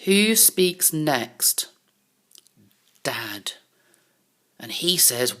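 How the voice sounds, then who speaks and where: A woman's voice: low voice, big pitch swings, very slow, pauses often, a bit bright. A woman teaching young pupils in a recorded lesson, talking to them in an encouraging way. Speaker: primary school teacher. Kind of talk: recorded online lesson for children.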